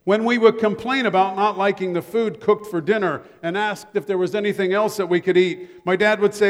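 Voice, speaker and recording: An older man delivers a sermon with a light, joking storyteller's touch, his voice pitched notably high for a man. A long reverb trails his words through the church sanctuary. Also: fairly even intonation, brisk, few pauses. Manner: humorous storytelling with the congregation. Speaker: pastor.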